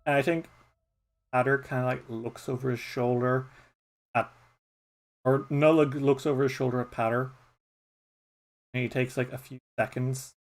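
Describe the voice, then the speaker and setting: A man's voice: mid-range voice, little pitch movement, normal speed, long pauses. A man with an Irish accent narrating a solo tabletop game as a streamer, in a loose, rambling way full of fillers. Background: music.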